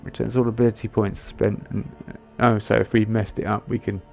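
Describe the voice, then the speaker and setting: Gravelly low-voiced man musing. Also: little pitch movement, a little fast, dark tone, soft background music. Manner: muttering, reads item descriptions aloud while thinking. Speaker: gaming channel host. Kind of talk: casual gameplay commentary.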